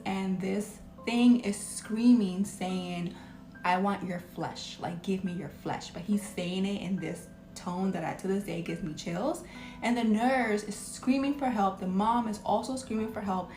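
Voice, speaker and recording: Woman, casual storyteller, chatty with fillers, middle pitch, echoey room. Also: mellow. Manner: chatty, many filler words. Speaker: hospital registration worker telling a story. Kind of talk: casual storytelling from a social video clip.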